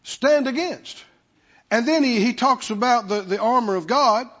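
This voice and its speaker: A male pastor with a very high voice preaches slowly and emphatically, repeating key words and calling on the congregation to answer back. His voice rings through a long hall reverb in a church sanctuary, and the recording sounds dull and lo-fi. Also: a bit bright. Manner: emphatic, repetitive call-and-response with the congregation. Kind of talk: sermon.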